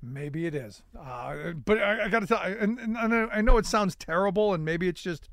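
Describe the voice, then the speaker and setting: A man's voice: sits high, animated, normal speed, fairly bright tone, dry recording, studio quality. A man co-hosting a casual political talk show, hesitant and wry, with many restarts. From United States. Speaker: co-host.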